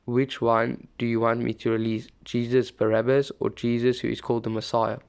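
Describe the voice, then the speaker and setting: Man voicing a questioning male Roman governor, plain, smooth, level tone. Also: mid-range voice, level tone, normal speed, close to an everyday voice.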